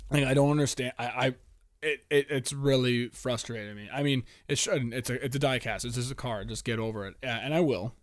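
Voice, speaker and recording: A young man hosts a solo podcast, ranting animatedly with heavy swearing and frequent stammered restarts. His medium-pitched voice moves briskly, and the recording is studio quality with no echo.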